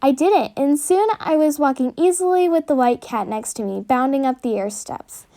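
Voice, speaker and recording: A woman reading her own storybook aloud in an earnest, steady way. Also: high-pitched, moderate pace.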